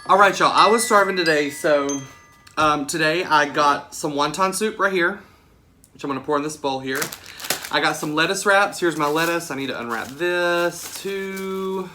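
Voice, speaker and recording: A young man with a Southern American accent hosting a solo mukbang vlog, chatty and excited, saying "y'all" again and again. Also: on the high side, unhurried, music in the background. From Southern United States. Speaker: podcast host.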